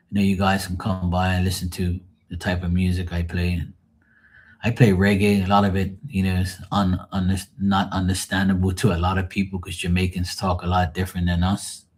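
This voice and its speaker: A man's voice: low voice, darkish tone. A man chatting casually to his livestream viewers, rambling and swearing freely in a joking way. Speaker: livestream host.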